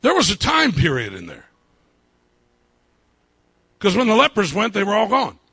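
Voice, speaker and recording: A male pastor preaching a sermon, repeating his phrases and building up to fervent shouting. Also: high-pitched, huge pitch swings, normal speed, vocal fry, husky, no room sound.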